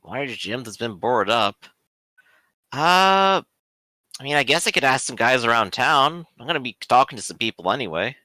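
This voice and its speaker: A man's voice: medium pitch, animated, moderate pace, pushed and bright, no echo. A man voicing a busy middle-aged city campaigner who rambles and hesitates with many fillers.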